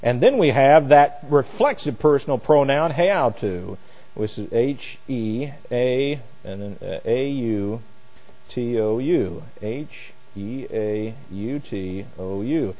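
A man's voice: mid-range voice, lively intonation, slow pace, warm tone, big-room sound. A man teaching a Bible lesson like a sermon, spelling out words letter by letter, with mocking asides. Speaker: preacher.

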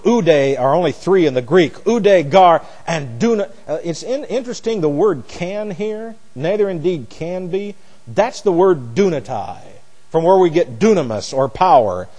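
A man preaching a Bible-study sermon, teaching word by word, swinging from soft, low stretches to loud, emphatic ones.

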